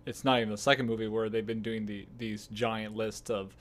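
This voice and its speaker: A man's voice: fairly low pitch, little pitch movement, a little hiss or hum. Hesitant man chatting on a podcast. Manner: hesitant, halting, searching for words. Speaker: podcast co-host. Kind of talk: casual chat.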